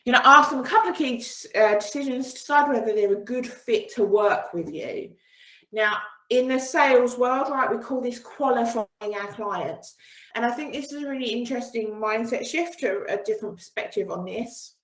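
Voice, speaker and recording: A woman's voice: fairly high pitch, normal speed, a bit bright, roomy sound, rough recording. A woman running an online coaching session over a video call, upbeat and encouraging, with frequent laughs. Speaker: business coach. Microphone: video call with screen sharing.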